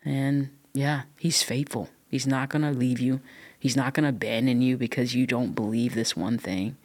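A woman's voice: extremely low pitch, fairly even intonation, moderate pace. A woman guest on a podcast, talking with passion and emphasis as she shares her faith story. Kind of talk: casual podcast conversation.

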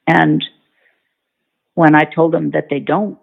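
A woman's voice: low voice, level tone, takes it slowly, vocal fry. A woman, an author on horsemanship, telling a story in an interview in a folksy, emphatic way. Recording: tinny phone-line sound.

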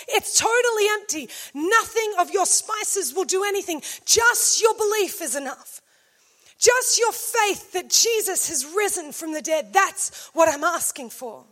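A woman preaching a sermon, swinging from loud emphasis to hushed scripture reading. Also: extremely high pitch, expressive, unhurried.

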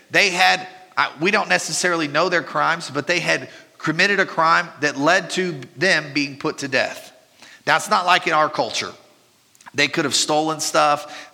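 An earnest pastor preaches in a conversational way, slipping in self-deprecating asides. His voice is a slightly higher man's voice, very bright and cutting. It rings out with a long reverb, as if from a large hall. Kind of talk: sermon.

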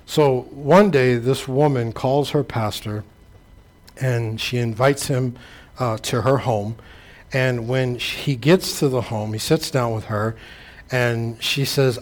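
A man's voice: medium pitch, slow. A male pastor delivering a sermon, preaching in a rhythmic, emphatic way and telling stories to make his point.

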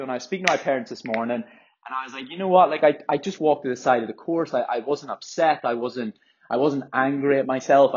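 A man's voice: medium pitch, a little mellow, husky. A young man hosting a solo podcast, worked up and rambling with frequent swearing and restarts. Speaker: podcast host, runner. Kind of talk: casual solo podcast monologue. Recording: dull lo-fi audio.

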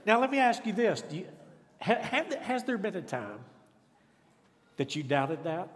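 Folksy preacher in a reverberant church. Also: male voice, high-pitched, big pitch swings, a little slow. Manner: folksy storytelling, self-deprecating humor. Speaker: guest speaker. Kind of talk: sermon. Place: church sanctuary. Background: congregation responding.

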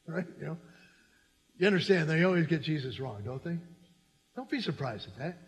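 A man pastor preaching a sermon in an animated, conversational way, with lots of repetition, in a church. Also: fairly high pitch, moderate pace, husky. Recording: echoey hall reverb.

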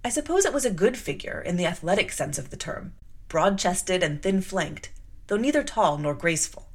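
Expressive woman reading a classic novel. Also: fairly low pitch, moderate pace. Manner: expressive, breaks off to explain the text. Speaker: host and reader. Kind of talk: audiobook reading with commentary.

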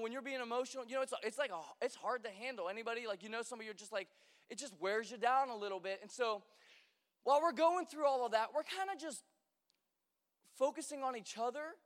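Very high-voiced young man preaching. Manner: chatty, joking storyteller with many fillers. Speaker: pastor. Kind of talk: conversational sermon. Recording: long hall reverb.

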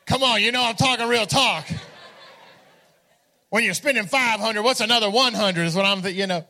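Male pastor, very high voice, lively comic storyteller who rallies the congregation. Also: normal speed, long pauses. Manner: energetic, humorous, calls out to the congregation. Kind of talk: storytelling sermon.

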